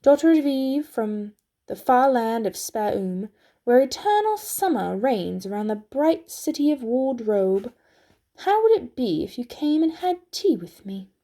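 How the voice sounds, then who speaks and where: A woman voicing a polite, nervous male faun in a storybook reading, courtly and excitable with stammering apologies. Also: a little high, a little slow. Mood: eager, inviting.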